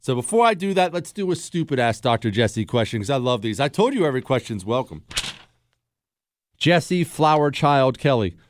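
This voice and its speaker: A man's voice: medium pitch, very animated, fast, few pauses, no room sound. A man hosting a talk radio show, sarcastic and bantering with his producers in the studio. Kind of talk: casual talk radio monologue. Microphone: studio microphone.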